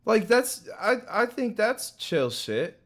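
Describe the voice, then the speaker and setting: Chatty, lively-voiced streamer guy. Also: high-pitched, slow. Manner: loose, slangy, laughs often, lots of fillers. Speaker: streamer reacting to a video. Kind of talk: casual chat.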